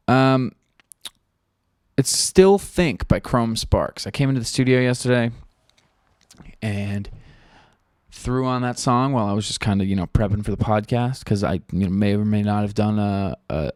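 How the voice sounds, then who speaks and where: A man's voice: on the low side, expressive, normal speed, a little mellow, dry recording. A man hosting a podcast, rambling casually in a studio, swearing freely and leaning on fillers. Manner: rambling, profane, full of fillers. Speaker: podcast host.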